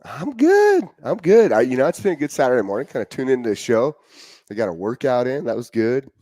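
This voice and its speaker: A man's voice: medium pitch, sing-song, brisk, dark tone, dry recording. A young man hosting a casual chat, telling upbeat stories in a laid-back way, on a dry close mic.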